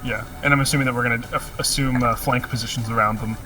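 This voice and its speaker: A man's voice: medium pitch, fairly even intonation, quick pace, bright, forceful tone. A man playing a tabletop game, joking and playful in casual chat. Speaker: player. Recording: distant mic with faint music.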